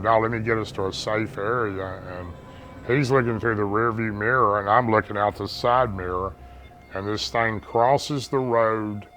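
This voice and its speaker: A man's voice: lowish voice, fairly bright tone, low-quality recording. A man earnestly recounting a frightening night encounter as an eyewitness, rambling and restarting as he talks. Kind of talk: interview testimony, recounting an encounter.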